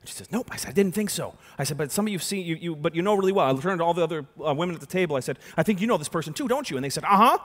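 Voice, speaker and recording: A young adult man giving a conference keynote, telling a story with sudden loud and soft turns on a stage microphone. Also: fairly high pitch, expressive, racing, few pauses. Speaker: keynote speaker. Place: large conference hall. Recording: long hall reverb.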